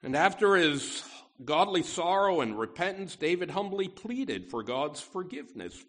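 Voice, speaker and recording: A man's voice: fairly high pitch, very animated, measured pace, a bit bright. A man preaching a conversational sermon in a folksy way, full of asides and stressing key words. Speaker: pastor.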